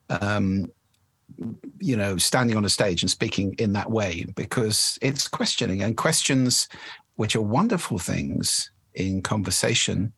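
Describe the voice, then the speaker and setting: Husky-voiced man explaining speech habits. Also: on the low side, a bit bright, no echo. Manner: articulate, measured, demonstrates voices as he explains. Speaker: voice and speaking expert, guest. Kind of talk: conversational interview explanation.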